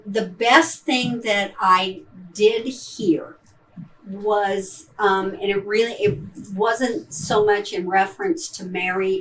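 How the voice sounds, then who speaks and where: Here a Midwestern-accented actress from Ohio answers theater audience questions after the show, her replies meandering and halting with ums and restarts. Her mid-range voice is a bit bright, and the audio is poor from a distant mic.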